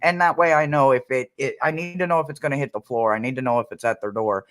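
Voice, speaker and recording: A man hosts a tarot reading live stream, chatting playfully, greeting viewers and laughing often. His mid-range voice moves at a quick pace with a fairly bright tone.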